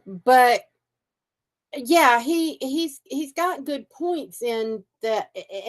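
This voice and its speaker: A woman co-hosting a casual podcast, thinking aloud in a reflective way, often restarting her sentences. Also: mid-range voice. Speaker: podcast co-host. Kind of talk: casual conversational podcast chat.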